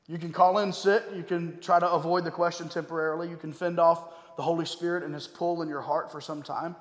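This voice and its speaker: A man preaching a sermon as pastor. He is emphatic, slows down to stress key words and drops suddenly to a quiet voice. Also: fairly high pitch, steady tone. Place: church sanctuary. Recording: echoey hall with long reverb.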